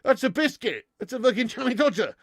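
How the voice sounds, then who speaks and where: A man chats and banters on a live stream, swearing freely and laughing between jokes. His voice sits high and swings widely in pitch, with a gravelly rasp. The sound is close and dry. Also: expressive, fast talker, no echo. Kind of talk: casual live-stream chat reading viewer comments.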